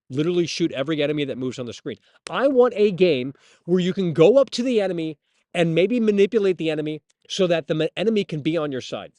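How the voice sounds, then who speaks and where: A man's voice: fairly high pitch, darkish tone, no room sound, clean studio sound. A man hosting a live stream, ranting bluntly and with lots of swearing. He often repeats words and restarts his sentences. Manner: blunt, profane, opinionated. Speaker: streamer host. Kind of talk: casual live-stream rant.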